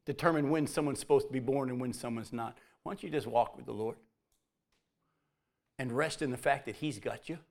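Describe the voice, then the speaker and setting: A man giving a conversational sermon who acts out the quotes and drops to a soft voice near the end. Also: mid-range voice, fairly quick, vocal fry. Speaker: preacher.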